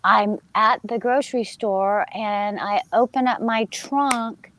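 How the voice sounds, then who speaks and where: A woman casually telling a personal story to a group, animated and quickly fired up, talking to her listeners directly. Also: fairly high pitch, no echo, poor audio. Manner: animated, gets fired up, acts out quoted voices; talks to listeners as "you guys".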